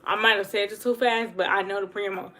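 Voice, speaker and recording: A woman talking fast and earnestly in a casual livestream monologue, repeating herself for emphasis. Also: mid-range voice, fairly even intonation, pushed and bright. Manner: fast talker. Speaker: livestream host.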